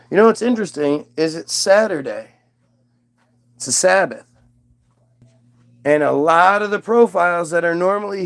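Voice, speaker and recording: A man from the United States chats loosely on a livestream and reads viewer comments aloud. He rambles, swears and pokes fun at himself. His voice sits a little high and has a gravelly, fry-laden edge. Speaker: livestream host reading chat. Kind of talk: casual livestream chat.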